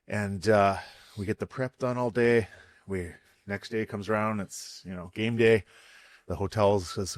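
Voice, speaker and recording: Man, low voice, dry close sound, energetic podcast storyteller. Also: dry recording. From Vancouver, Canada. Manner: animated, fast storyteller who swears freely. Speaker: guest chef.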